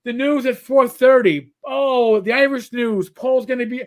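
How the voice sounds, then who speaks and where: A breathless older Irish mother rattles on at speed, hard to follow, as a man puts her on in a high, strained voice. Her ramble runs on without pause. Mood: excited chatter. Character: chattering older Irish mother, rapid and excited.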